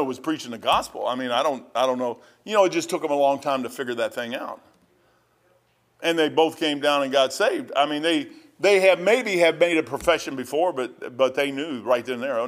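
A man's voice: on the high side, a bit bright. A middle-aged man preaching, telling a story in a rambling way with many restarts. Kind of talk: sermon storytelling.

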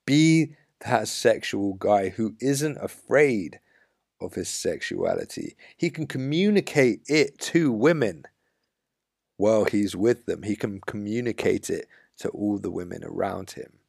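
A man's voice: lowish voice, big pitch swings, unhurried, creaky, darkish tone, husky, dry recording, clean studio sound. A man hosting a podcast, giving blunt, assertive dating advice in an emphatic monologue. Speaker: dating coach podcast host.

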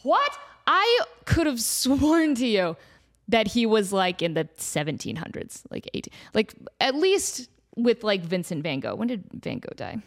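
A woman's voice: medium pitch, a little slow. A woman hosting a comedy podcast, rambling through a silly made-up story, laughing often and acting out bits. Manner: animated, laughs often, acts out silly voices.

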